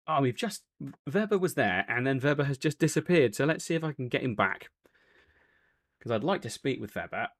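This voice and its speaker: A man's voice: mid-range voice, animated, a little fast, fairly bright tone. A man hosting a post-race interview, talking in a chatty, rambling way with lots of fillers and self-corrections. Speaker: race broadcast host.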